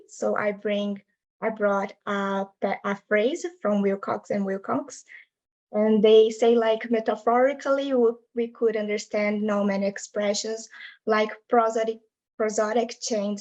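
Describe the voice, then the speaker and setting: Over a video call, a young adult woman gives an academic talk on her linguistics research, explaining patiently in non-native English phrasing. Her voice is mid-range and darkish, and the recording is rough.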